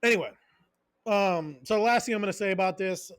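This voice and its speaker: Fired-up, cursing high-voiced man. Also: a little fast, fairly bright tone, clear, resonant tone, dry recording, clean studio sound. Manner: profane, fired-up, goes on tangents; emphatic repeated short phrases. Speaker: podcast host and strength coach. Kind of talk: casual podcast rant.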